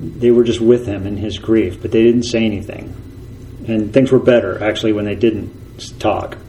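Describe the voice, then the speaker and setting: A man preaching a sermon as a pastor. He talks earnestly, repeats key phrases for emphasis and slows down when he reads scripture. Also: lowish voice, steady tone, mellow, slight background noise, poor audio.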